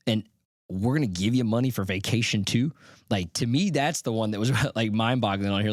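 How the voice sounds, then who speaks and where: Animated man with a low voice. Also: fairly quick, dry recording, studio quality. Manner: animated, emphatic, conversational with frequent restarts. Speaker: podcast host. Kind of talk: solo commentary on survey results.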